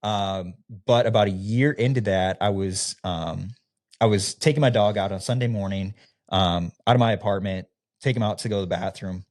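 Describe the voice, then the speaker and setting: A man from the Midwestern United States, once a youth pastor, shares his personal story as a guest on a podcast. His voice sits on the low side and moves at a moderate pace. He's casual, relaxed and candid, using lots of fillers and often acting out the dialogue he remembers.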